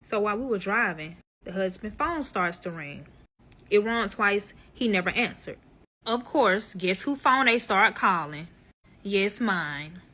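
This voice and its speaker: A woman's voice: mid-range voice, lively intonation, a little slow, pushed and bright. A young woman telling a personal story to her viewers in a casual vlog, blunt, profane and emphatic, talking straight to the audience.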